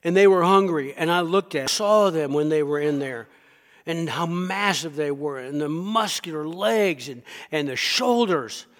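A man's voice: fairly high pitch, measured pace, a bit bright, long reverb tail. A man preaching a sermon speaks as Daniel, a faithful prophet recounting his night among lions. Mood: earnest.

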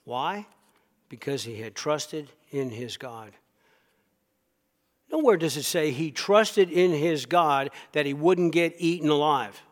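A man's voice: fairly high pitch, slow pace, long reverb tail. A man preaching a sermon, retelling a scripture story with emphatic asides to his listeners. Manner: emphatic storytelling, talks directly to the congregation.

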